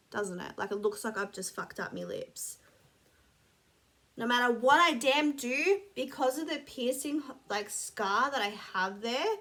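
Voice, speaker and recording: A woman's voice: fairly high pitch, bright, forceful tone. Sweary chatty woman vlogger. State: sniffly. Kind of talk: casual rambling chat to camera.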